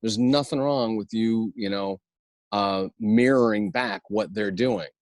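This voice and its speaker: A man's voice: lowish voice, measured pace, a little mellow, no echo. A middle-aged man, an improv teacher, talking animatedly as a podcast guest, laughing often and slipping into voices. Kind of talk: casual podcast interview.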